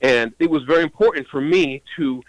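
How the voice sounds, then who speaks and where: A man's voice: on the high side, brisk, no room sound, poor audio. A man, a puppeteer, answering interview questions eagerly, sometimes repeating words as he starts. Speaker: puppeteer guest.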